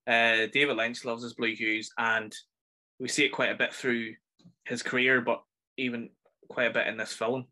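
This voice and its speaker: A man's voice: mid-range voice, flat delivery, moderate pace, pushed and bright. A man with a Northern Irish accent hosting a casual film review podcast, chatty and enthusiastic as he rambles through his thoughts. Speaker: podcast host.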